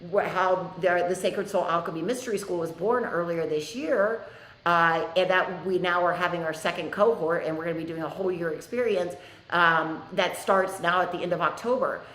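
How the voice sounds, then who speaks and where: A woman's voice: on the low side, normal speed, a bit bright. Woman teacher chatting candidly in a live class, kinda echoey room sound. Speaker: spiritual teacher hosting an online class. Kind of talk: casual live class talk.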